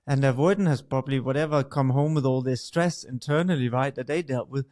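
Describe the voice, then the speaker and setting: A man's voice: medium pitch, quick pace, a little mellow. A man, co-hosting a podcast about relationships, explaining patiently and often checking in with "right?". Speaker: podcast co-host, couples expert. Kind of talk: conversational explanation, role-playing a partner.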